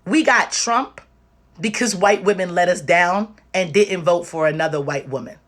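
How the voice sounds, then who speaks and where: Woman, somewhat low voice, tearful and worn out, emphatic and direct, livestream talk. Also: moderate pace. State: tearful and exhausted. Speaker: livestream host.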